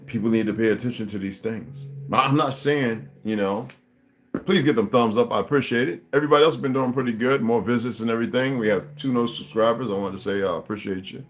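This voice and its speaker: A man's voice: mid-range voice, fast, slight background noise. A man hosting a livestream, talking casually to his viewers in a rambling, preachy and profane way. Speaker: livestream host.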